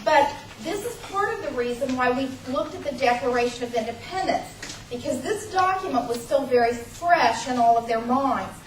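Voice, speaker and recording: High-voiced woman teaching in an echoey hall. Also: expressive, moderate pace. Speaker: teacher of a church class. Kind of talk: classroom lecture. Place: large church room. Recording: echoey room from far off, faint hiss.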